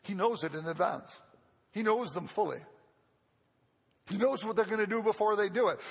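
A man's voice: high-pitched, animated, a little fast, fairly bright tone, slightly rough. A man preaching a sermon in an earnest way, repeating phrases for emphasis and often restarting, heard with the long reverb of a large hall.

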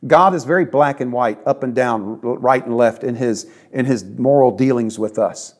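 A man's voice: mid-range voice, moderate pace, a little mellow. A man preaching a sermon in an earnest, conversational way, leaning on emphatic repetition. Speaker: pastor.

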